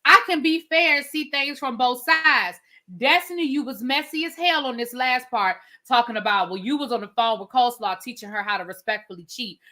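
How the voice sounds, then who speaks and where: Woman, livestream reviewer host; blunt, animated, forceful bright tone, slightly high. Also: brisk. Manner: blunt and opinionated, reads out viewer comments; animated, swears casually. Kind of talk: casual livestream commentary.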